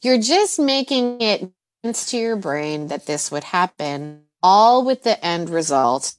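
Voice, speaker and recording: A woman, a mindset coach, talking casually on a podcast, laughing often and jumping into high exaggerated voices when she quotes herself, then going soft and low when she talks about calming down. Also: slow pace. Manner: laughs often mid-sentence. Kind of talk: conversational podcast advice.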